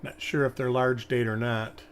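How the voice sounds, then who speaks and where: A man's voice: medium pitch, flat delivery, moderate pace, slight background noise. A male host giving casual live-stream commentary, thinking aloud and rambling as he examines coins. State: hiccups.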